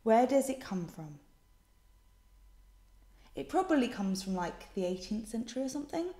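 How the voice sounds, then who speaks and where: A young woman with a British accent talks straight to camera in a casual vlog. She is sassy and teasing, with a slightly high voice. Her room gives a noticeable echo. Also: very animated, moderate pace, warm tone. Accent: British English. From Britain. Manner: sassy, defensive, jokey. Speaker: vlogger. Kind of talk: casual vlog answering questions. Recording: echoey room.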